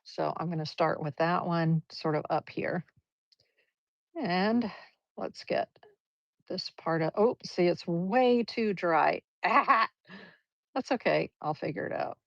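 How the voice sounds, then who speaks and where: This is a woman giving a live painting lesson, her low voice carrying a gravelly edge. She chats and encourages as she explains every stroke. The livestream audio sounds dull and lo-fi, dry with no room echo. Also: takes it slowly, pauses often. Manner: chatty, encouraging, talks through each brushstroke. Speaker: art teacher.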